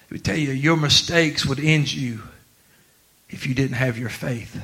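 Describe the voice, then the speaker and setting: A man preaching a sermon, dropping to quiet talk and then rising to shouts with laughter. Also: mid-range voice, a little slow. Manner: swings from quiet to shouting, laughing through lines.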